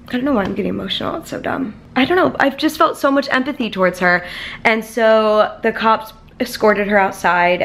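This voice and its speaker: A woman in her twenties talking casually to a handheld camera, chatty and expressive, with lots of "like" in her speech. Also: lowish voice. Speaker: vlogger. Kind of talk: casual vlog chat to camera.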